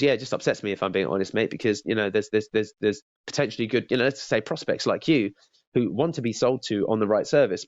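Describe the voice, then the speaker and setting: A man's voice: medium pitch, dry recording, lo-fi sound. Man giving a chatty sales lesson. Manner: chatty, stumbling and repeating words. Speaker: sales trainer. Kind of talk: casual training talk.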